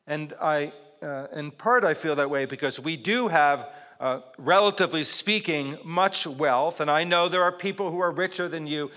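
A man's voice: on the high side, moderate pace, few pauses, sharp tone, in a large hall. A man preaching a sermon as pastor, emphatic and repetitive, praying and reading scripture in a church. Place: church sanctuary.

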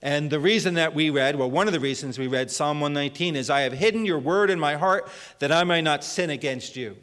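A middle-aged male pastor giving a conversational sermon, quoting scripture and pausing on fillers. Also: on the high side, fairly bright tone, clean tone, big-room sound. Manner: conversational preaching, quotes scripture, frequent fillers.

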